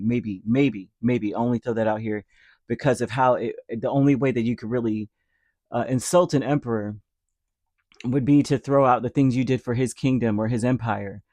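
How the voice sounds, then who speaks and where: Guy doing a chatty tarot reading, mid-pitched voice, lots of filler, dry sound. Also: fairly even intonation, normal speed, darkish tone, no room sound. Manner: rambling, filler-heavy, acts out little imagined quotes. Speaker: tarot reader. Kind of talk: casual tarot reading monologue.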